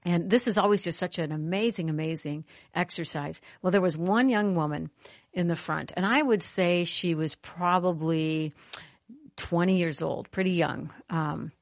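Woman sermon speaker, lowish register, lively storytelling, dry sound. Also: normal speed, no echo. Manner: animated, conversational, calls for amens. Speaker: conference speaker.

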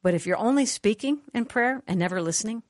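A woman speaker giving a sermon, telling a story in an animated, conversational way and calling for amens. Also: a little high, quick pace, dry recording, clean studio sound. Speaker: conference speaker.

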